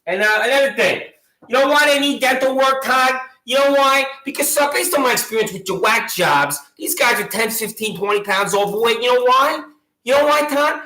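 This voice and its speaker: A man rants at a sheriff in a mocking, badgering tone and keeps repeating his taunting questions. His voice sits very high and sounds sharp and bright. The room around him is echoey. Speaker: local gadfly taunting a sheriff. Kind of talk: ranting monologue addressed to a sheriff.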